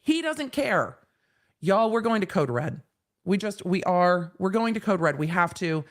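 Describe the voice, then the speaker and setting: A woman's voice: lowish voice, very animated, unhurried. A woman lawyer giving live-stream commentary on a trial, blunt and exasperated, swearing freely.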